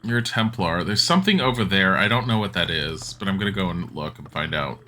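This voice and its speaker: A man's voice: deep voice, lively intonation, fairly quick, sharp tone, a little hiss or hum. A man streaming a video game live, chatty and sarcastic, laughing at what happens on screen. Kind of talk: live gaming commentary.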